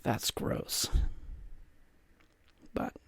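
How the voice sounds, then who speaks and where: A man's voice: extremely slow, fairly bright tone, no room sound, studio quality. A young man hosting a solo podcast, rambling through crude, self-deprecating jokes. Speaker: podcast host. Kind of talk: solo casual podcast monologue. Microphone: podcast microphone.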